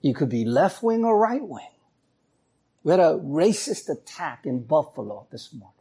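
A man's voice: fairly high pitch, moderate pace, breathy edge. A man preaching a sermon, telling stories and acting out voices as he goes. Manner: animated storytelling, acts out voices. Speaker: pastor.

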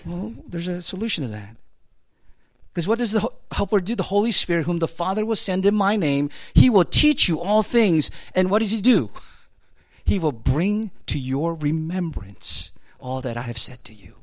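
Animated conversational preacher, dry close sound. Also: male voice, moderate pace, no room sound. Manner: conversational, peppers talk with "right?" and "you know"; animated, swings high and loud when emphatic. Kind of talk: sermon.

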